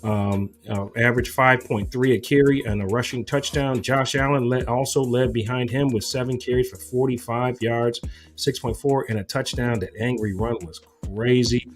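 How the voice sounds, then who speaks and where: A man's voice: mid-range voice, steady tone, normal speed, soft background music. A man co-hosting a casual sports talk show, going through game statistics with frequent "uh" fillers.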